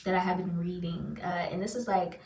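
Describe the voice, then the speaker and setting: A woman's voice: on the low side, steady tone, brisk, a little mellow. A woman who works as a spiritual reader and channeler, talking to her viewers in a loose, chatty and self-deprecating way with lots of fillers. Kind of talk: casual rambling monologue to viewers. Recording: roomy sound, far from the mic.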